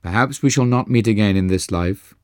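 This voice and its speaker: A man voicing a stern, sad father in his late sixties, speaking slowly and gravely, with a low voice in a dry recording. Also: no room sound, lightly acted.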